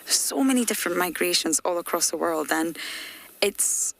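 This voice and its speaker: Gravelly-voiced woman safari guide. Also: fairly low pitch, lively intonation, normal speed. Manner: explanatory, chatty, with hushed asides. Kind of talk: live safari commentary. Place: outdoors in a game-drive vehicle.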